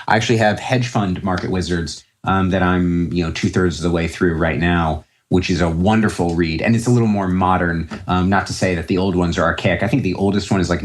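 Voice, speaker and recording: A young man talking casually as an interview guest, rambling with many fillers and restarts. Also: on the low side. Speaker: podcast guest, trader.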